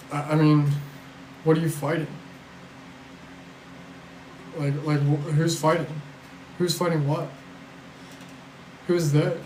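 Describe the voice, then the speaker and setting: A man's voice: on the high side, darkish tone, echoey room, slight background noise, poor audio. A man hosting a casual livestream, answering chat questions in a rambling, blunt, profane way with sarcastic asides and a weary edge. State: tired. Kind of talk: casual live-stream chat.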